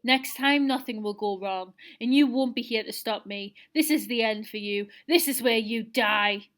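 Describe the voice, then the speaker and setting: A woman reading aloud, voicing a desperate male villain who shouts threats. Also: a little high, normal speed, lightly acted. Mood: menacing. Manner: howling, threatening.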